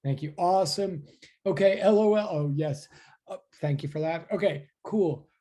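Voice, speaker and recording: A man's voice: high voice, normal speed, warm tone. A man teaching a physics class over a video call, chatty and self-deprecating, rambling as he greets his students. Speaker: physics instructor. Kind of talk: casual online class.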